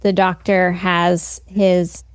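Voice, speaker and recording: A woman co-hosting a book podcast, chatting casually and reading passages from the novel aloud at a slower, careful pace. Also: on the low side, level tone, dry recording. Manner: reads quotes from the book slowly and deliberately. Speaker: podcast co-host.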